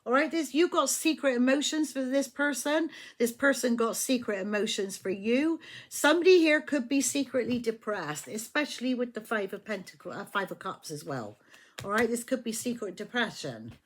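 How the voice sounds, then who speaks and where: A woman on the high side, with lively intonation and a moderate pace, delivers a casual tarot reading. Chatty and profane, she checks in constantly by asking "do you know what I mean".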